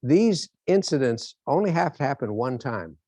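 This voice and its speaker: This motivational speaker's voice is medium-pitched, at a normal speed and free of echo. He lectures through stories, animatedly acting out the scenes as they unfold.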